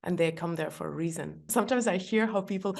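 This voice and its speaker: A middle-aged woman, a guest on a podcast, who gives practical advice in a warm, chatty way and laughs often. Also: fairly low pitch, quick pace, vocal fry. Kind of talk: podcast conversation.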